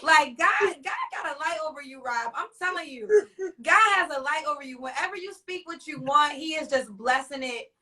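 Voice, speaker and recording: A woman's voice: high voice, expressive, a little fast, bright, forceful tone, far from the mic. A woman hosting a live online talk show, effusive and emotional as she speaks. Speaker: host.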